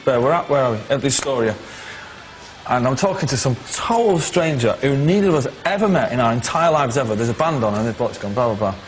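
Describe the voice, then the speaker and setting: A middle-aged man from England, telling a story in an interview and flatly mimicking the other people in it. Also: mid-range voice, fast talker, a little hiss or hum, poor audio. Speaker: interviewee, musician.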